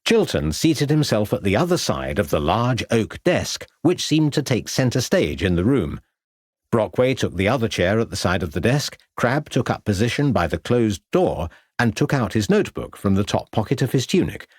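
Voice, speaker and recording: A man narrating a detective novel in a measured storytelling manner. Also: fairly low pitch, very animated, breathy edge, no echo. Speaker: audiobook narrator. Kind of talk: scripted narration.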